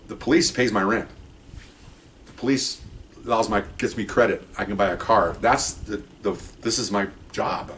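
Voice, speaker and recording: A man, a former police detective, talks at a brisk clip as he tells stories from the job. His delivery is loose and conversational, with lots of restarts. He brings the people in his stories to life by acting out what they said. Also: medium pitch, slight background noise. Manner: rambling anecdotes with restarts; animated retelling of conversations. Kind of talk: casual spoken storytelling.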